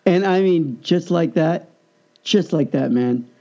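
Gravelly high-voiced man telling a story. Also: slow, dull audio. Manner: animated, acts out the people he quotes. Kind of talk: casual storytelling.

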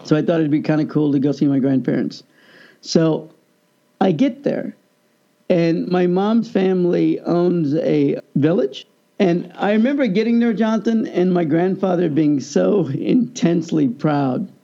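A man with a high, gravelly voice tells a long personal story in a relaxed chat. His tone is mellow and dark. He acts out everyone he quotes, and the sound is dull and lo-fi. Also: measured pace. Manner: animated, acts out the people he quotes. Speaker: guest telling a story. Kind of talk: casual storytelling.

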